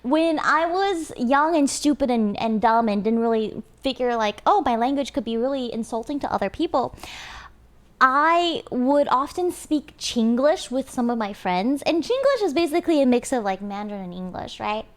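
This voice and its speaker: Young woman, high voice, very lively pitch, giggly casual stream chat. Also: moderate pace. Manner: animated and giggly, talking to chat. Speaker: live streamer.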